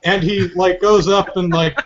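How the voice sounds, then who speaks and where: A male podcast host with a fairly high voice, retelling things in an animated, joking way. The audio is dull and lo-fi. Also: a little slow. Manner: animated, joking storytelling with frequent laughs. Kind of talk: casual chat.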